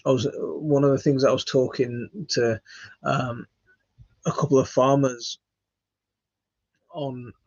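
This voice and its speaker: A man hosts a relaxed question-and-answer chat. His voice is gravelly and slightly husky, and he stops often to fill gaps as he reads out comments. The sound is dry and a little dull. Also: medium pitch, dry recording. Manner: halting, reading out comments with many fillers. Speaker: channel host answering viewer questions. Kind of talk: casual live Q&A chat.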